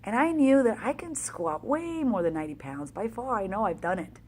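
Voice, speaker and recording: A woman fitness coach telling a race story in a casual, energetic, chatty way, acting out the back-and-forth. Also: on the high side, moderate pace, husky.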